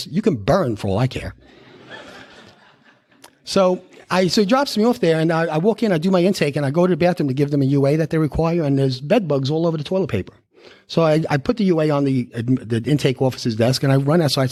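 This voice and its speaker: New man telling his recovery story. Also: a little high. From New York. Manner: animated storytelling, acting out dialogue. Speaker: recovery meeting speaker. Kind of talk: personal recovery story told live. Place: live speaker meeting.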